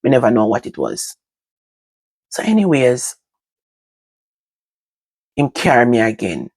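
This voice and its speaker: An older woman with a Jamaican accent, telling stories from her own life to her vlog audience in casual, animated talk that moves between patois and standard English. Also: very deep voice, measured pace, husky, no echo. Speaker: vlogger. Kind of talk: casual storytelling to camera.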